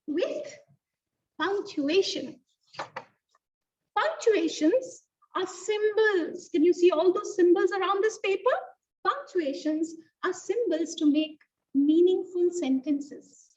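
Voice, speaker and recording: A woman teaching an online lesson to young children, in an animated, sing-song teacher voice that slows to stress key words. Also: very high-pitched. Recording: distant, dull lo-fi sound.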